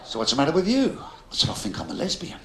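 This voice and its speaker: Cockney comic in his 50s, crude gags, voice jumps all over, boomy hall with laughter going off. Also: huge pitch swings, fast, creaky, heavy background noise. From London, England. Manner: brash, crude punchline delivery, heckling the crowd. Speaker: stand-up comedian. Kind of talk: live stand-up routine. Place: large theatre stage. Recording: echoey hall, loud audience laughter, 1990s live video. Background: audience laughter.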